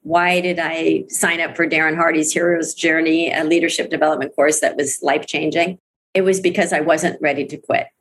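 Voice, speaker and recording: A woman's voice: low-pitched, little pitch movement, brisk, a bit bright, husky. A middle-aged woman speaking as an interview guest about her network marketing career, earnest and emphatic, repeating phrases for weight. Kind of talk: candid interview talk.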